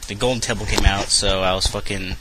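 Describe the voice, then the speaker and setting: A man's voice: lowish voice, fairly even intonation, fast talker, background noise. A young man in a casual podcast chat, rambling and swearing a lot.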